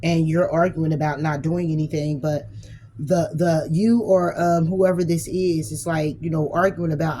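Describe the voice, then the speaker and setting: Mellow-voiced woman giving blunt tarot reading. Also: low-pitched, flat delivery, normal speed, a little hiss or hum, low-quality recording. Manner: blunt, casual, swears freely; acts out imagined arguments. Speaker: tarot reader.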